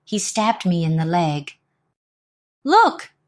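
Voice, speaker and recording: A woman's voice: deep voice, expressive, slow pace, dry recording, studio quality. A woman doing a timid, panting little robber. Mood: frantic. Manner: nervous and panting.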